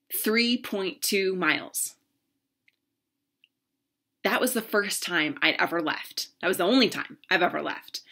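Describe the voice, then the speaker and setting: A woman in her thirties speaks as a relationship coach, earnest and heartfelt as she tells her own story. Her voice sits a little low for a woman but sounds bright and clear-edged. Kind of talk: personal story talk to camera.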